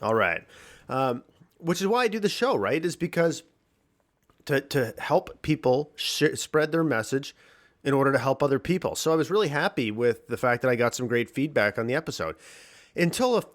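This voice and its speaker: A man hosting his podcast alone from his home basement, talking candidly with a morning voice, clearing his throat, swearing and restarting sentences. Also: mid-range voice, animated, moderate pace. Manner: candid, rambling, swears freely, frequent restarts. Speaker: podcast host. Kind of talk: casual solo podcast monologue.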